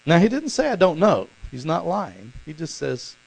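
A man preaching a sermon as pastor, animated and acting out the voices in the stories he tells. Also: a little high, moderate pace, gravelly, hardly any pauses, poor audio. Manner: animated, acts out voices in quotes.

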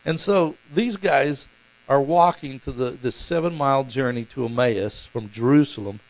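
Gravelly-voiced preacher with mains hum. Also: male voice, mid-range voice, normal speed, poor audio. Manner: animated, acts out voices in quotes. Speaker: pastor. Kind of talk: sermon.

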